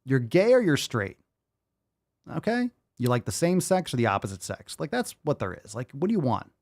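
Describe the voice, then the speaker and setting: A man's voice: medium pitch, sing-song, normal speed, a little mellow, dry recording, studio quality. Profane, exasperated podcast host man. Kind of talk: casual ranting commentary.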